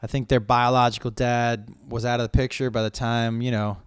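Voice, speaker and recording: Profane rambling comedian, smooth dry voice. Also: male voice, medium pitch, flat delivery, fairly quick, no room sound. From Massachusetts. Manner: rambling, profane, repeats phrases for emphasis; holds on to vowels. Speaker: comedian podcast host. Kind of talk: casual podcast chat, reading listener questions.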